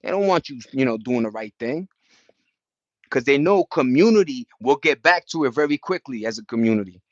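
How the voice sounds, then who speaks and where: A man's voice: medium pitch, animated, brisk, no room sound. A young man hosting a casual chat, rambling in slang with many restarts. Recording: dull dry lo-fi sound.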